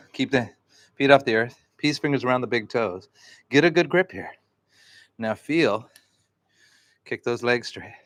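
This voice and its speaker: A male yoga teacher talks a class through poses and breaths in a calm, easygoing, encouraging way. His voice sits at an ordinary middle pitch. It is recorded dry and close, with no room echo. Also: unhurried, long pauses. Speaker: yoga instructor.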